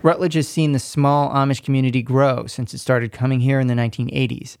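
Gravelly male radio reporter. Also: medium pitch, level tone, a little fast, darkish tone. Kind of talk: scripted news narration.

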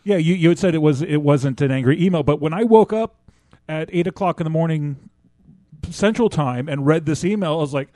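A man chats on a podcast as a regular, telling a story in a hesitant way, full of ums and restarts. His voice sits a little high. The sound is dry and close. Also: a little fast, dark tone, dry recording. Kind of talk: casual chat.

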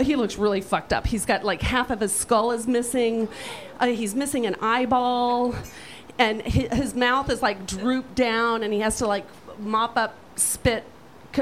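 A woman telling a profane, animated comic story on stage, brash and lively. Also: a little high, moderate pace, rough recording. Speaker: storyteller guest.

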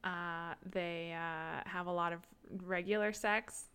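A woman's voice: lowish voice, fairly even intonation, slow pace, sharp tone, clean tone. A woman co-hosting a podcast, recapping a book in a crude, playful, laughing casual chat. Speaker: podcast co-host.

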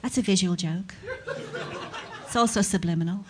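A woman's voice: medium pitch, normal speed, noisy background. A woman performing a stand-up comedy set, sardonic and mock-outraged, building into rants.

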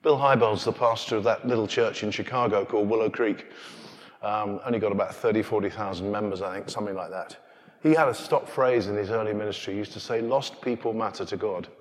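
A man with an English accent preaching a sermon, telling stories with animated asides. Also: on the low side, quick pace. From England. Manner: animated storytelling, acting out scenes in hushed asides. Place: church. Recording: long reverb of a large church.

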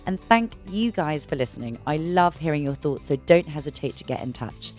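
A woman's voice: low-pitched, normal speed, faint music behind. A woman hosting a podcast, asking questions and reading her outro with enthusiasm. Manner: lively and enthusiastic. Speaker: podcast host.

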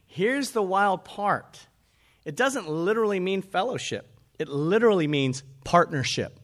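A man's voice: high-pitched, big pitch swings, normal speed, fairly bright tone. A man preaching a conversational sermon as pastor, asking his listeners rhetorical questions.

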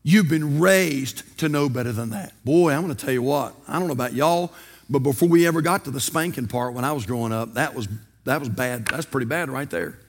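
An older pastor preaches a sermon in a medium-pitched voice at a quick pace, with a long reverb tail trailing his words. He's folksy, telling stories and posing rhetorical questions.

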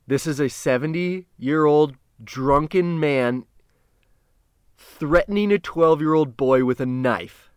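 A man recounts a story in a loose, casual way, cursing freely and tripping over his own restarts. He speaks at an everyday middle pitch and now and then jumps to a louder burst. The recording is dry, with no room sound. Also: expressive, no echo. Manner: profane, halting, with restarts and sudden loud bursts.

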